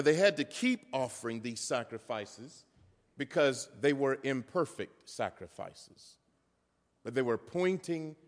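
A man's voice: fairly high pitch, fairly bright tone, big-room sound. A man preaching a sermon as pastor, driving points home through repetition and often restarting a phrase.

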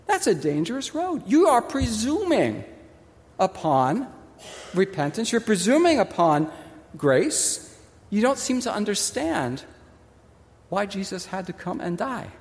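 A male pastor delivers an expressive sermon in a high, lively voice that rises and falls sharply. He stresses key words with pauses and mimics the people he quotes. The sound carries a long reverb from a large hall.

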